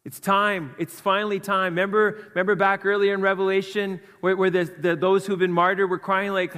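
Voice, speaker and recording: A man preaching with earnest conviction, his voice sitting a little high for a man. He swings from loud stresses down to quiet asides. The sound rings with a long reverb from the hall around him. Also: flat delivery, a little fast, few pauses, clear, resonant tone. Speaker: pastor. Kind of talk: sermon.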